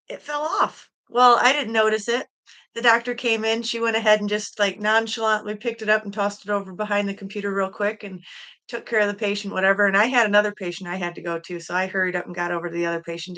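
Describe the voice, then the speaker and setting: A woman's voice: medium pitch, pushed and bright. A woman from Michigan hosting a casual solo livestream from home, chatty and giggly as she greets viewers by name. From Michigan, USA. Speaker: livestream host. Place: at home, in a room with a quilt hung on the wall.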